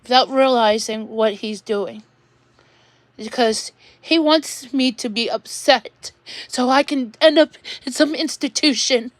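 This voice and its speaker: A woman venting on a livestream, rambling and halting, repeating words as she goes. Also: fairly high pitch, no echo.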